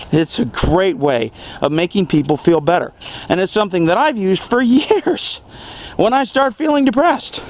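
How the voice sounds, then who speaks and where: A young man in a casual self-help vlog monologue, earnest and animated, chuckling often as he talks. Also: high-pitched, slight background noise. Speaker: vlogger.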